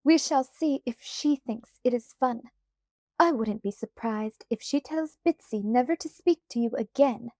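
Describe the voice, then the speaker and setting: A woman voicing a haughty, spoiled young girl who talks in a shrill, scornful way. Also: a little slow, mellow, no echo, clean studio sound.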